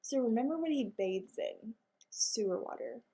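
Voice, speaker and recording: Lady reading to kids and stopping to explain, patient, kinda high voice. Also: animated, normal speed, mellow, husky. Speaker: reader of a children's chapter book. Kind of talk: reading aloud with comments for young listeners.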